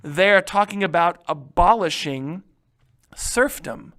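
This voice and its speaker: A male history teacher giving a casual, animated lecture, joking and checking in with his students. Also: high-pitched, slow. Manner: animated, joking, keeps asking "right?".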